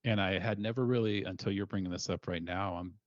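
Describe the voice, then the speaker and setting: A man with a very low voice reflects on fatherhood in a measured, sincere way. The recording is dry and close. It sounds a little dull and lo-fi. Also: steady tone, dry recording. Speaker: podcast guest, single father. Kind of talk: reflective interview talk.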